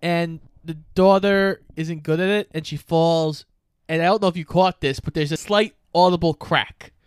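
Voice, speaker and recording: A man's voice: a little high, steady tone, moderate pace, smooth, dry recording, studio quality. A man co-hosting a casual podcast, retelling a film's scenes with energy and plenty of swearing. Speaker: podcast co-host. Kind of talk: casual movie recap chat.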